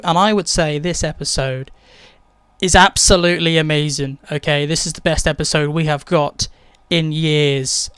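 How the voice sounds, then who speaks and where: An excitable man reviewing a TV episode, rattling along and ending points with "okay?". His voice is high and smooth. It is recorded close and dry, with no room sound. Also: dry recording. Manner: excitable, rapid, keeps tagging "okay?". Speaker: TV show reviewer. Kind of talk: casual spoiler-light TV review.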